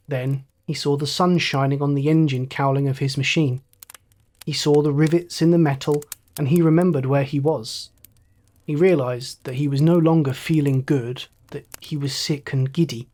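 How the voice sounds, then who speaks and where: A male storyteller reads a bedtime tale in a slow, measured and soothing way. His voice sits a little high for a man. He keeps an even, unhurried calm throughout.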